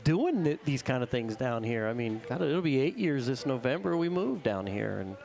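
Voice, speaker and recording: A man's voice: mid-range voice, sing-song, moderate pace, vocal fry, a little mellow. A man co-hosting a casual radio chat at a brewpub, rambling with restarts and laughing often. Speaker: radio show co-host.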